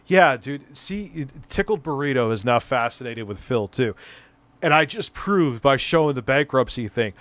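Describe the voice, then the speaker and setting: A man's voice: mid-range voice, expressive, moderate pace, fairly bright tone, no echo. Joking, profane man streamer. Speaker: streamer host reacting to a clip. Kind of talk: casual live-stream commentary.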